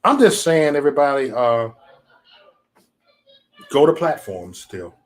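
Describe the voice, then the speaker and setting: A man hosting a casual livestream chat, talking in a profane, animated way and slipping into mocking impressions. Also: medium pitch, unhurried, faint music behind. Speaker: channel host.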